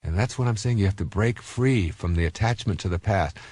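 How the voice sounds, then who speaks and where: Low-voiced middle-aged man giving a self-help talk. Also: brisk, a little mellow, breathy edge, no room sound. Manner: conversational, storytelling, frequent fillers and restarts.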